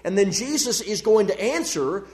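High-voiced man preaching a sermon. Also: lively intonation, a little mellow. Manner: measured, deliberate, with emphatic pauses. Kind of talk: sermon with scripture reading.

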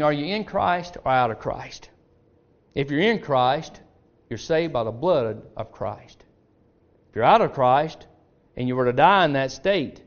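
A male preacher delivers a sermon in a church, calling out emphatically to his listeners. His voice is fairly high for a man. The recording is dull and lo-fi, with the top end muffled.

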